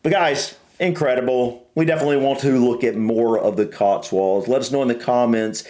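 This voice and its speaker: A man's voice: mid-range voice, a little fast, darkish tone. A man with a mild Southern American accent, hosting a casual reaction chat, rambling and repeating words as he thinks aloud. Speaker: reaction video host.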